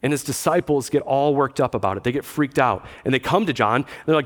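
Guy preaching a chatty sermon, dry jokes, acts out quotes, mid-pitched voice. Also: quick pace, hardly any pauses. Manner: conversational preaching with dry humor and acted quotes. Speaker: pastor.

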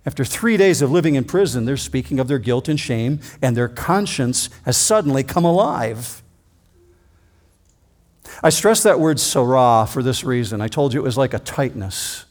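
A man preaching an expository sermon, reading scripture dramatically and slowing down to stress key phrases. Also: mid-range voice, expressive, darkish tone.

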